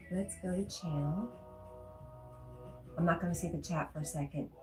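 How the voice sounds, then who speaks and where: A woman's voice: on the low side, measured pace. A woman hosting a casual livestream, reading viewer comments aloud and laughing often. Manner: chatty, laughs often, reads chat aloud. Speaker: livestream host. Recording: roomy echo with faint music.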